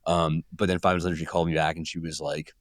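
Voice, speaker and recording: A man's voice: a bass voice, flat delivery, racing, no echo, studio quality. A male journalist from California with a Californian accent, rambling as a guest and acting out people he met. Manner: rambling, acts out quoted people. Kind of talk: casual interview talk.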